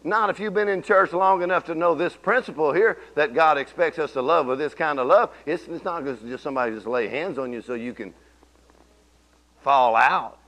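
A man's voice: fairly high pitch, normal speed, fairly bright tone, rough recording. A middle-aged man preaching a sermon, telling folksy stories and rising into emphatic bursts.

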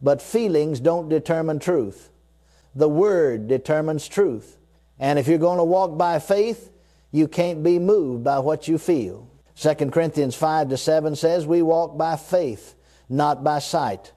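A man preaches with a mellow, warm tone, driving each point home with emphatic repetition. His voice sits a little higher than most men's, and he leads his listeners to repeat short declarations after him. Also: unhurried. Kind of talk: sermon.

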